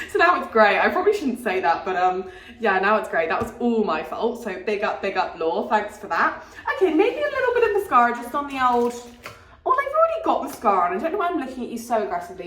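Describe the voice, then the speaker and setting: Bubbly young woman, lively pitch. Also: very fast, echoey room, slight background noise. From Britain. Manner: bubbly, rambling, giggly. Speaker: travel vlogger. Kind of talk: casual vlog chat and scripted travel narration.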